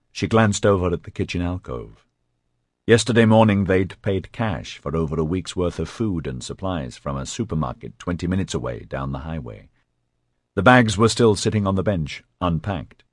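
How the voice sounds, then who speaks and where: A male narrator with a very deep voice that rises and falls with lively intonation. He tells the story expressively, with a dramatic touch. The read is close and dry, with no room echo. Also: moderate pace. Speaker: audiobook narrator. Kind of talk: scripted narration.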